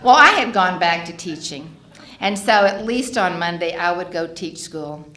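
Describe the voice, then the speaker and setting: Animated woman telling her story. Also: lowish voice, moderate pace. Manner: animated storytelling, acting out other voices, emotional. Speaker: speaker sharing her recovery story. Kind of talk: personal testimony at a fellowship gathering. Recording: echoey hall with faint background noise.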